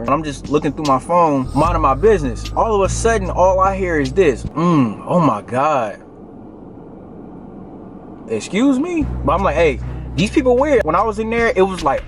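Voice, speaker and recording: Animated, slangy young man telling a story. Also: fairly high pitch. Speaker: vlogger. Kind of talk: storytime vlog.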